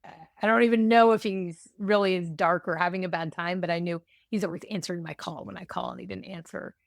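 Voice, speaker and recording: Woman host w a gravelly low voice, supportive chat, dry sound. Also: steady tone, quick pace, dry recording. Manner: supportive, frequent short affirmations. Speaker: podcast host. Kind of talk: conversational interview.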